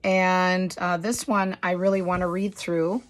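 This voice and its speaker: Hoarse woman, chatty craft vlogger. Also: fairly low pitch, little pitch movement, unhurried, noisy background. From United States. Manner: rambling, apologetic, self-deprecating with light laughs. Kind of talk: casual chatty show-and-tell.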